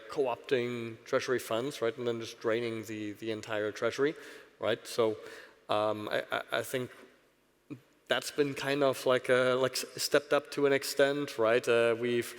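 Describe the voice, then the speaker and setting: A man speaking on a conference panel, talking with many restarts and tag questions. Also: mid-range voice. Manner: halting, many restarts and "right?" tags. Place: conference stage in a large hall. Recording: reverberant hall.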